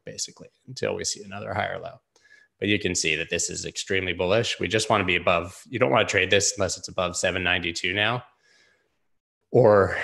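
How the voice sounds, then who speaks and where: A man's voice: deep voice, creaky, bright, forceful tone. A man hosting a casual live-stream chart analysis. He rambles loosely, leans on filler words and swears freely. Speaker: host.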